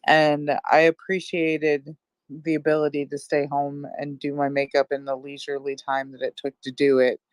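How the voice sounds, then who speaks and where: A woman co-hosting a casual beauty chat, friendly and quick to laugh. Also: low voice, monotone, no room sound. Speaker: guest co-host. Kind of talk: casual chat on a live audio room.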